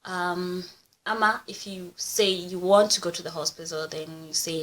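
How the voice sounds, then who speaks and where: A woman's voice: on the low side, measured pace, rough recording. Playful young woman vlogging. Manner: playful, chatty, laughs often. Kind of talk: casual language vlog.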